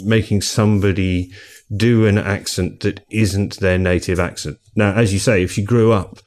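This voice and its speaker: A middle-aged man with a fairly low voice hosts a relaxed book podcast. He chats easily and keeps the conversation moving with questions. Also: moderate pace. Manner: chatty, leads the discussion with questions. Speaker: podcast co-host. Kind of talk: casual podcast chat.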